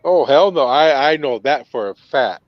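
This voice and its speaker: Speaking at a normal speed with lively intonation, a Minnesota man with a Northern accent chats casually on a video call in a mid-range voice. There is no room sound, just dull, dry call audio.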